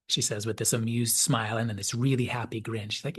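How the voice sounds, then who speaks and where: A man delivers a measured, reflective commentary in a husky, slightly breathy voice at an ordinary male pitch. He walks through the ideas step by step, pausing to read quoted dialogue. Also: fairly bright tone. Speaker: video essay host. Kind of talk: analytical commentary.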